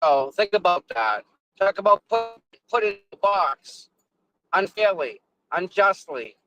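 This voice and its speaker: A man's voice: high voice, expressive, measured pace, bright, forceful tone, lo-fi sound, soft background music. A man live-streaming casually from his car in traffic, rambling, repeating words and thanking viewers effusively. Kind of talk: casual live-stream chat while driving.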